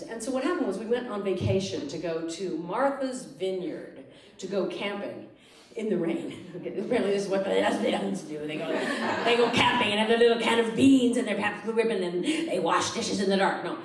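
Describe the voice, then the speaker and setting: A woman's voice: medium pitch, animated, moderate pace. A woman performing a stand-up comedy set in a theatre, acting out the people she quotes and often laughing through her lines. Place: theatre stage before a live audience. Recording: roomy live theatre recording, mic at a distance, audience noise. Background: audience laughter.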